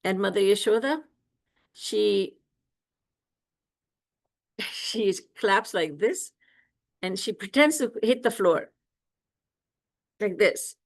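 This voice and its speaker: A woman spiritual teacher telling devotional stories in an animated way, often laughing and acting out scenes, over a video call. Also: medium pitch, slow, pauses often. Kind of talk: devotional storytelling discourse.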